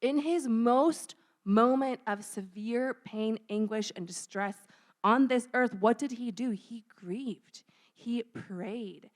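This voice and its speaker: A young woman talks through a sermon in a loose, conversational way, tossing in "like" and playing out quick everyday exchanges. Her voice sits a bit high for a woman. She speaks in a church room. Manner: chatty, says "like" often, acts out little scenes. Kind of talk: casual sermon talk.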